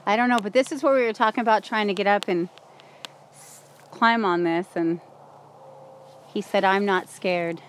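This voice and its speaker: A woman's voice: medium pitch, normal speed, pauses often, a little hiss or hum, poor audio. Woman chatting on a cold outdoor walk. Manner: chatty, narrating to camera. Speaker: paranormal investigator filming a site visit. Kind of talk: casual chat while exploring. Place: outdoors at an old camp in cold weather.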